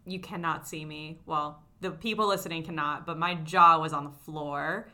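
A woman hosts a podcast and responds with enthusiastic, expressive reactions. Her voice is lowish yet bright and forward. She talks in a casual, chatty way. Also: normal speed. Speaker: podcast host.

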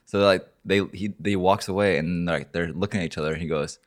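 Low-voiced young man, loose storyteller. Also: steady tone, a little fast. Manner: loose, swearing, laughing storyteller. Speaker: podcast co-host. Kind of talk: casual chat.

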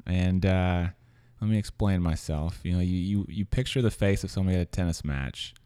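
A man with a lowish voice hosts a podcast. He reads a scripted introduction, then chats with his guest in a relaxed, conversational way. The recording is close and dry. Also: a little fast, smooth, dry recording. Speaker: podcast host. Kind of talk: scripted narration and casual interview.

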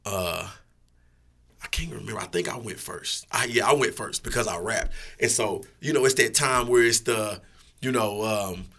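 A man's voice: lowish voice, normal speed, creaky, bright, forceful tone. A middle-aged man, telling a story casually as a guest, swearing freely and acting out quotes.

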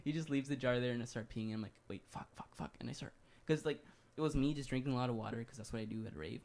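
A man's voice: medium pitch, very fast, vocal fry, a little mellow. A young man casually telling a long story on a podcast, full of swearing and "like". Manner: loose, profane storytelling with lots of "like". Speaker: podcast co-host.

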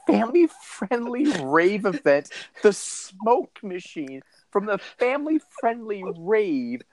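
A man's voice: high-pitched, slow, no echo. A man co-hosting a comedy podcast, riffing and swearing in a disbelieving, worked-up way. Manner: animated, profane, riffing incredulously. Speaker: podcast co-host.

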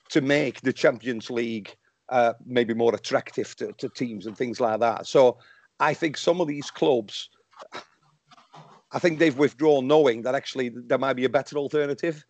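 A man on a podcast call, sounding worked up and passionate and tripping over his words now and then. His voice is mid-pitched and comes through a dry line with no room sound. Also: normal speed, a little mellow, no room sound, dull audio. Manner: passionate and riled up, many restarts. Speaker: podcast guest, football fan. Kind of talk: casual podcast discussion.

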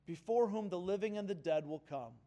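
A man's voice: high voice, a little fast, dark tone. A man preaching a sermon in an earnest, emphatic way, calling on the congregation to answer back. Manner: earnest, emphatic, with audience call-and-response. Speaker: pastor.

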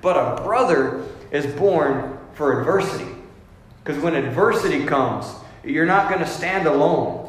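A man preaching in a big church space, and his fairly high voice rings out through a very echoey hall with a long reverb tail. He is emphatic and conversational. A faint hum of ambience sits behind him. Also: lively intonation, a little slow. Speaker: pastor. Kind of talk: sermon.

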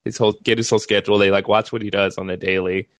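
A man's voice: lowish voice, very fast, no room sound. A man co-hosting a movie podcast, casually recapping the plot and swearing often. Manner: lively recapping, swears freely, laughs often. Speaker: podcast co-host. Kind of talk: casual chat.

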